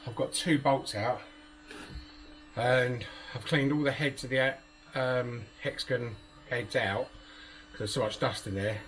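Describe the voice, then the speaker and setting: A man's voice: medium pitch, steady tone, measured pace, pauses often, a bit bright, slight background noise. A man in a casual DIY vlog, talking matter-of-factly and poking fun at his own struggles while stripping out the inside of a van. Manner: matter-of-fact, self-deprecating about struggles. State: out of breath. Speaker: van converter.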